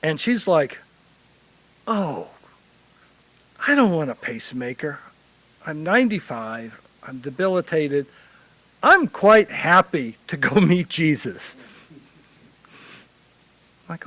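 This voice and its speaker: Lively storytelling man chaplain, dry sound. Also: a little high, takes it slowly, long pauses, dry recording, low-quality recording. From Illinois. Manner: animated anecdotal storytelling. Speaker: hospital chaplain. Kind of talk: conference panel storytelling.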